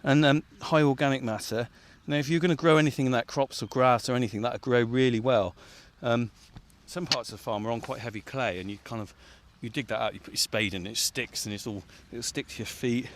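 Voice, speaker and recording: A man's voice: medium pitch, steady tone, fairly quick, hardly any pauses, slight background noise. A man, chatting casually in a field as he digs and works, often laughing. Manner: chatty, laughs often, puffing while digging. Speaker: farmer on a radio feature. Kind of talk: casual outdoor chat while working. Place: outdoors in a farm field.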